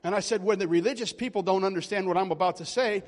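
A man in his forties preaching a charismatic sermon, telling stories and building to loud exhortation. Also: high-pitched, quick pace, big-room sound.

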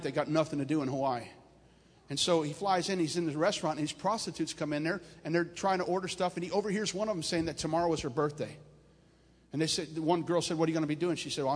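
A man preaching with a high voice, telling long stories to his congregation. He builds in force and pitch as he drives his points home. His voice rings through a big, reverberant hall. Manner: animated preaching, rising and loud at climaxes. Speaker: pastor. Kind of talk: storytelling sermon.

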